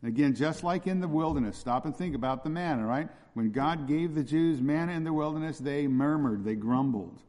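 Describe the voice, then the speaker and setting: Speaking a little fast with few pauses, this pastor has a fairly high, darkish voice. He delivers an emphatic, repetitive expository sermon in a church hall, often testing his audience with rhetorical questions. The sound has a long hall reverb.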